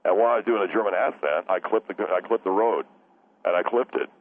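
A man's voice: low voice, fast. A man playing a scatterbrained young caller who rambles, apologizes and loses his train of thought. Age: young adult. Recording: tinny phone line with faint hiss.

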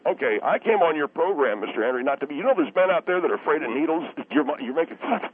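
A man's voice: a little high, sing-song, fast talker, slightly rough. Defensive male caller on a tinny phone line. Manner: defensive, stammering. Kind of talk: call-in conversation.

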